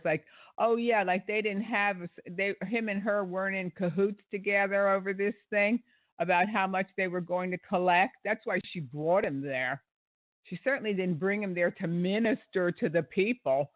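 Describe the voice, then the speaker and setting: Man, high voice, indignant commentary, sarcastic, lots of uh and um, dry tinny phone-like sound. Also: a little slow, dry recording. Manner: indignant, sarcastic, many fillers. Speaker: online show host. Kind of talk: critical commentary.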